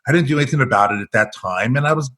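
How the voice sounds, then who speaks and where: Racing along in a mid-range voice, an American executive coach shares anecdotes on a podcast interview. He's an animated storyteller who acts out each quoted line.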